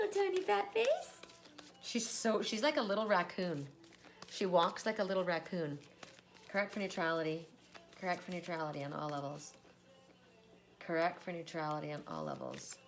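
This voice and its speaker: A woman's voice: on the low side, a little hiss or hum. A woman doing a casual oracle card reading, chatty and laughing often as she repeats a set phrase.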